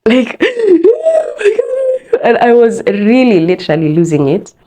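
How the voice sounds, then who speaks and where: Expressive Kenyan woman telling her story. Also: mid-range voice, normal speed. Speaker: podcast host. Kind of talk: personal storytelling podcast.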